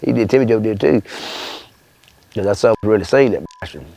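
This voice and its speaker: Folksy older man, rough Louisiana drawl. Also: lowish voice, animated, fast talker, warm tone, no echo. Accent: Louisiana bayou. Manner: rambling, folksy, swears often, acts out voices. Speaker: storyteller interviewee. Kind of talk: casual storytelling in an interview.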